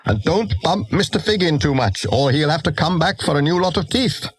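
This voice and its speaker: A man playing a jolly high station master. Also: animated, normal speed, slightly rough, no echo. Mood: jovial. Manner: jovial, teasing.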